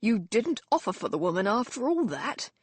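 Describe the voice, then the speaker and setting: A woman voicing a drunken, mocking young Victorian gentleman who talks loudly and slurs his words. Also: medium pitch, big pitch swings, normal speed, breathy edge, no room sound. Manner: loud, slurring, teasing.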